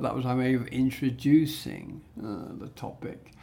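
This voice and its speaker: A man's voice: medium pitch, moderate pace, vocal fry, few pauses, warm tone. A man teaching a spoken English exam lesson, explaining in a chatty way with many restarts and fillers. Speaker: English speaking-test teacher.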